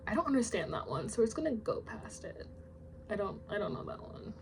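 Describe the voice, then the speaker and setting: A young woman reading out study notes in a casual vlog, chatty and self-deprecating, her asides trailing off into quiet mumbles. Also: a little high, big pitch swings, a little fast, slight background noise. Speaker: language learner vlogger.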